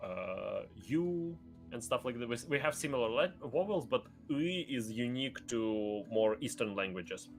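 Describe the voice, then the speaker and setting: A man chatting casually as a guest streamer, excitable and rambling, with many fillers and bursts of loud laughter. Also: mid-range voice, moderate pace, vocal fry, hardly any pauses, faint music behind. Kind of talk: casual chat.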